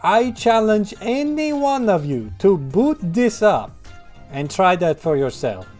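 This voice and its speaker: Man doing a shrill taunting gamer impression. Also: sing-song, slow, a little mellow, faint music behind, exaggerated voice.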